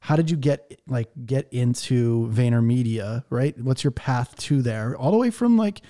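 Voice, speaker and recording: A man's voice: medium pitch, animated, a little slow, dark tone. A man hosting a casual online audio chat, rambling with lots of fillers and frequent laughs. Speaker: host.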